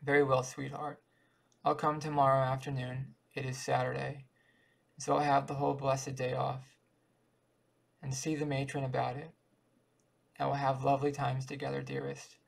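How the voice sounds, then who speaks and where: A man reading the lines of a gentle, affectionate young woman who speaks tenderly, in his own gravelly voice. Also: medium pitch, monotone, moderate pace, long pauses. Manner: tender, warm words.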